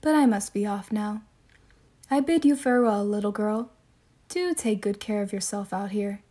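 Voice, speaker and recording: A woman voicing a nasty, greedy wolf in a low, gruff, falsely courteous voice in a storybook reading. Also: normal speed, warm tone, lightly acted. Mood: sly, courteous. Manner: smooth, mock-courteous.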